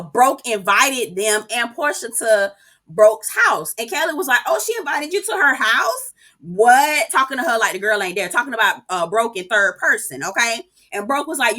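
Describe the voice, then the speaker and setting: A woman giving a casual, profane, gossipy recap of a reality show, full of quoted reactions and sudden exclamations. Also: sharp tone. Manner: speaks with swooping pitch jumps and exclamations.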